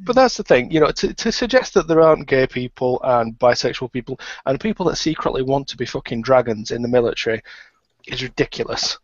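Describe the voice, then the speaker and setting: A man's voice: medium pitch, expressive, fairly quick, no echo. Dry-joking British man, received pronunciation. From Britain. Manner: dry, joking, mock-teasing. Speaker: co-host. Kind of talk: casual banter on an online radio show. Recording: dull lo-fi online call.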